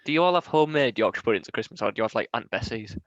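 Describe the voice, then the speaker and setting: A man's voice: medium pitch, lively intonation, racing, dry recording. A young man, co-hosting a podcast in casual, rambling banter and swearing freely. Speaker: podcast co-host. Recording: dull lo-fi podcast mic.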